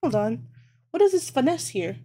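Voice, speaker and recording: A woman talks through her crochet project on a live stream. She thinks aloud, swears constantly and teases herself when she gets things wrong. Her voice sits a little high. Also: sing-song, moderate pace, warm tone. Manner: thinks aloud, swears a lot, self-mocking. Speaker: livestreamer. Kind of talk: casual live-stream chat while crocheting.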